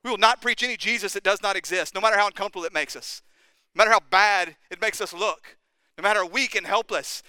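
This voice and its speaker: A man's voice: high voice, bright, forceful tone, clean tone, dry recording. A man preaching a sermon as pastor, impassioned and urgent, firing rising questions at the congregation.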